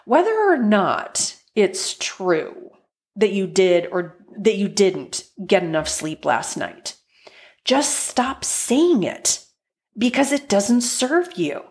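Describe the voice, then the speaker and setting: A woman hosts her own podcast as a life coach, speaking at a slow, unhurried pace. Her manner is chatty and encouraging. She often slips into little acted-out versions of listeners' everyday complaints. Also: mid-range voice, very animated. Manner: chatty, encouraging, acts out quoted thoughts. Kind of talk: solo podcast talk.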